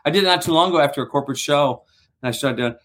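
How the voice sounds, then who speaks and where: A man's voice: on the high side, rapid-fire, fairly bright tone. A middle-aged man, a guest ventriloquist and magician, telling rambling anecdotes in a casual interview. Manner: rambling anecdotes with acted-out quotes.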